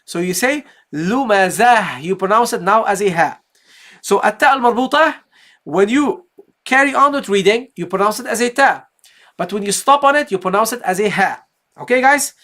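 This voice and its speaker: A woman's voice: medium pitch, expressive, moderate pace, a bit bright. Patient woman teaching Quran recitation. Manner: explains step by step, often checks in with "okay, guys?"; asks and answers own questions. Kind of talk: live online tajweed lesson.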